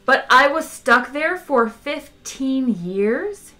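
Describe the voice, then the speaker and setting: A woman's voice: fairly high pitch, lively intonation, unhurried, voice pushed up. A woman doing a cold, indignant Englishman. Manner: sharp, cold and insistent. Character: indignant ordinary English man.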